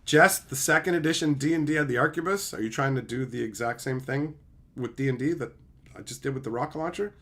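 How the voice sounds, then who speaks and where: A man's voice: mid-range voice, fast talker, a bit bright. A man streamer delivering a heated, profane, sarcastic rant, mocking his opponents in put-on voices. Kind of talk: ranting commentary.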